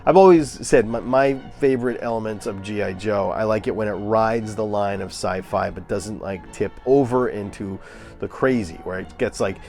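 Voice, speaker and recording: A man's voice: fairly low pitch, normal speed, a little mellow, soft background music. Ranting man reviewing movies. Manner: ranting, scoffing, many fillers and restarts. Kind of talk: casual opinionated review.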